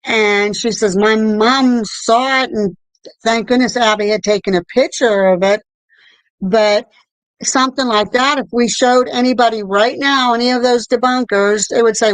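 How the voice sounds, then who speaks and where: Middle-aged lady cohost, chatty and animated, kinda high voice, dry sound. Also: measured pace, smooth, no echo, low-quality recording. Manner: animated storytelling, swearing, repeated "I'm there like". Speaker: co-host. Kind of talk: casual chat about paranormal experiences.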